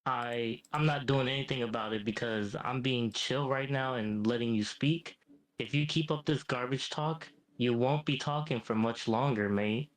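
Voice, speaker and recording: A man's voice: mid-range voice, moderate pace, lightly acted, low-quality recording. A synthetic male voice playing a smug, ancient devil who keeps calling people "mate". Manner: smug, says "mate" a lot. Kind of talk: AI chatbot role-play.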